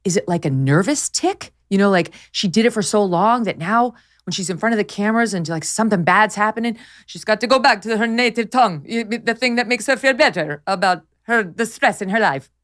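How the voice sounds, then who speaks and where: A woman's voice: medium pitch, expressive, fairly quick, fairly bright tone. A woman hosting a talk show, chatting in a mocking, incredulous way and laughing often. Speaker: show host. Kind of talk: casual commentary chat.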